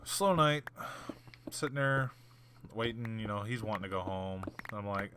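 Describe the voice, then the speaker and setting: A man's voice: fairly low pitch, a little slow, a bit bright, slight background noise. A man hosting a gaming channel, telling a long story in a rambling way with many fillers and restarts, and muttering the odd whispered aside. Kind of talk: casual storytelling over gameplay.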